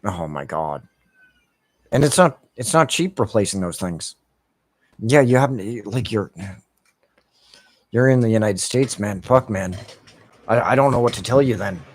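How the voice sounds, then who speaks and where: A young man rants about everyday frustrations while he games, swearing through nearly every sentence. His voice sits on the low side and comes across dry and close, with no room sound around it. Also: animated, unhurried, pauses often, dry recording. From Canada. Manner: profane, frustrated ranting, swears constantly. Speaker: gaming streamer. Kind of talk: casual ranting while gaming.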